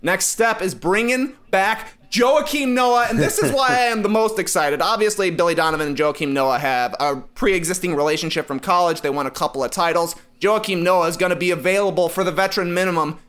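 A man's voice: high voice, a little fast, few pauses. A man on a sports panel, arguing animatedly and emphatically about basketball. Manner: animated, emphatic, rising to shouts. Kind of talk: excited basketball debate.

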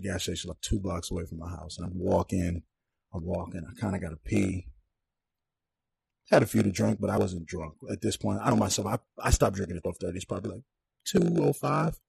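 A young man with a gravelly, raspy voice recounts a personal story in a relaxed podcast conversation. He keeps it animated, slipping into the voices of the people he describes. The sound is close and dry. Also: low-pitched, a little fast, dry recording. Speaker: podcast guest. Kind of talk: casual storytelling.

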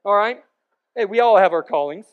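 A man preaching a sermon as pastor, with joking, rambling asides and sudden loud bursts between quieter stretches. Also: high-pitched, lively intonation, brisk, narrow, tinny audio.

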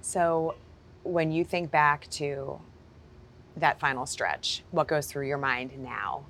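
A woman's voice: low voice, takes it slowly, fairly bright tone. A woman host interviewing a guest, asking questions with brief encouraging prompts. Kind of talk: conversational interview.

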